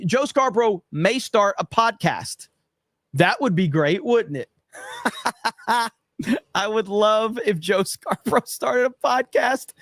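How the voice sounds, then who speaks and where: A man's voice: high-pitched, fairly bright tone, dry recording, clean studio sound. A man hosting a podcast, giving casual, sarcastic commentary with mocking asides. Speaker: podcast host reacting to clips.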